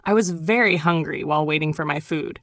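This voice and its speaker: Calm woman narrating memoir. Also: deep voice, a little fast, no echo. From Turkey. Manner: calm, reflective storytelling. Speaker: author narrating her own audiobook.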